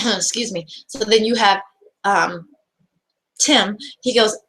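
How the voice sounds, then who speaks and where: A woman's voice: fairly high pitch, takes it slowly, fairly bright tone, rough recording. A woman giving a motivational self-help talk, earnest and repetitive, asking her listeners rhetorical questions over and over.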